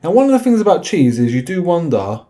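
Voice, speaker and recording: A man's voice: fairly high pitch, very animated, fast, mellow. A man hosting a video, talking in a loose, rambling way, often tacking on "right?" and filling gaps with fillers. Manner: chatty, tag questions like "right?", many fillers. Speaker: video host. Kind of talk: rambling casual monologue.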